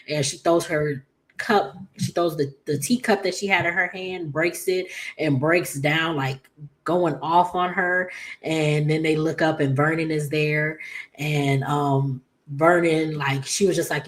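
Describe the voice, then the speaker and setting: A woman casually recapping a soap opera episode, chatty and loose, with many fillers and throat clears, getting animated when quoting characters. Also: low voice, moderate pace.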